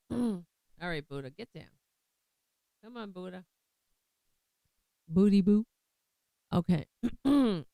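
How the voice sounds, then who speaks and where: A woman's voice: medium pitch, animated, slow pace, vocal fry, long pauses, mellow, no room sound. An American woman hosting a political commentary vlog, talking in a sarcastic, mocking and rambling way. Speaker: host.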